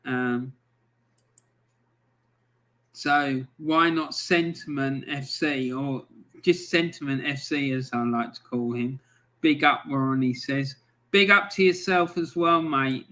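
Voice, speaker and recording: Slow, bright-voiced man chatting on stream. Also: fairly high pitch, steady tone. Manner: blunt, swears freely, rambling anecdotes; reads out and answers viewer comments. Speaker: football livestream host. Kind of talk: casual livestream chat.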